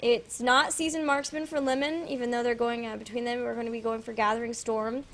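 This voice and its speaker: A woman casting an esports match, introducing the players and calling the action in brisk, upbeat play-by-play. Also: fairly high pitch, little pitch movement, a bit bright, a little hiss or hum. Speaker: esports caster. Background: faint game music.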